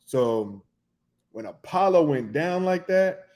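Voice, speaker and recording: A middle-aged man hosting a podcast, telling a loose, animated story in casual slang, with laughs and restarts. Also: fairly high pitch, slow pace. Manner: animated, humming tunes and acting out reactions. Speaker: podcast host.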